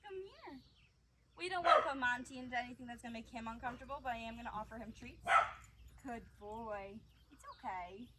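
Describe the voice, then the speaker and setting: A woman dog trainer demonstrating a session, praising the dogs warmly and calmly explaining their behavior. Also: on the high side, fast. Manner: warm, encouraging praise mixed with calm explanation. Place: outdoors with dogs. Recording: outdoor background noise.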